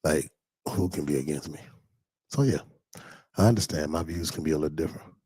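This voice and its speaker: A pastor chats casually on a livestream, reading viewers' comments aloud and answering them. His rumbling low voice runs a little fast with a breathy edge, lively at times and then sinking to near whispers.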